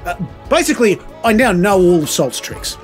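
A man's voice: high-pitched, very animated, normal speed. Rambling, swearing male music reviewer. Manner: rambling, swears casually, many restarts. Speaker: podcast co-host. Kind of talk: casual music review chat.

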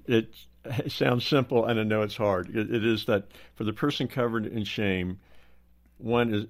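A man's voice: fairly low pitch, creaky. A man who is a pastor, explaining steadily in a pastoral way and telling anecdotes on a roundtable. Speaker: pastor and co-host. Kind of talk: roundtable talk, teaching.

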